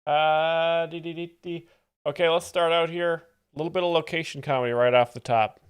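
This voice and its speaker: A man hosting a live stream, commenting on comedy clips in a deadpan, sarcastic manner. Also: fairly high pitch, a little fast, clean tone. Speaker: stream host explaining jokes.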